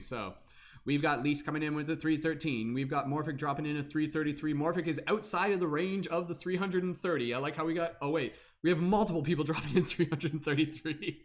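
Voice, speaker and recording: A man's voice: medium pitch, a bit bright. Young male livestream host, mid-range voice, loose and upbeat, full of fillers. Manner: upbeat, chatty, many fillers, laughs often. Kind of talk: casual livestream chat.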